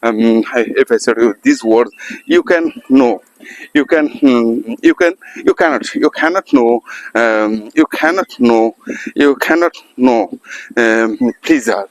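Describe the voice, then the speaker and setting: A man talking to viewers in an unscripted practice monologue, halting and searching for words, with many restarts and fillers. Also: medium pitch, dry recording, poor audio. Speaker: English practice vlogger. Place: outdoors by a road.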